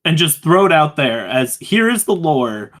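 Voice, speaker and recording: Eager man hyping things up, slightly high voice. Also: very animated, moderate pace, a bit bright. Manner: enthusiastic, hype-driven, filler-heavy. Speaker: podcast co-host. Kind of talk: casual chat. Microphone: voice chat call.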